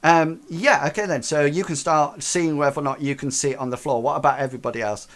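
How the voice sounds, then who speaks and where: A man's voice: on the high side, steady tone, fast talker, fairly bright tone. A man narrating as game master, with loose rambling phrasing and many fillers.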